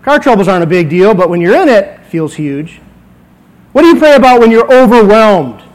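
A man's voice: high voice, very animated, brisk, low-quality recording. A man in his forties, a pastor preaching a conversational sermon in a church, acting out little dialogues as he goes. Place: church sanctuary.

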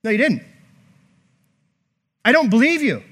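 A preacher acting out a stubborn doubting disciple. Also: male voice, very high-pitched, measured pace, big-room sound, pitched above the performer's own voice, heavily acted. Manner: flat, insistent refusal.

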